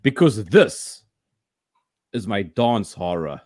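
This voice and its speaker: A man chatting casually, telling animated stories with many restarts and laughs. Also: on the low side, slow pace, no room sound, clean studio sound. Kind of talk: casual chat.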